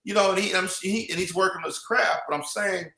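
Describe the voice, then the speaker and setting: A man talks in a loose, rambling way, stopping and restarting often and filling gaps with "you know what I mean". His voice is bright and sits a little high. The room around him is echoey. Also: brisk. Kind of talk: casual chat.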